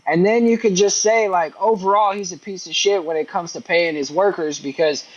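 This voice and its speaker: A man's voice: high-pitched, moderate pace, dull audio. A man in a casual online panel, arguing politics bluntly, profane and full of restarts. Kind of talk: heated casual political debate.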